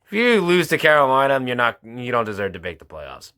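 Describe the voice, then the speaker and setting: A man hosting his own football picks show, talking through results and picks in an informal, halting way. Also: medium pitch, wildly swooping pitch, pushed and bright, clear, resonant tone. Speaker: sports picks host. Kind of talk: casual football picks commentary.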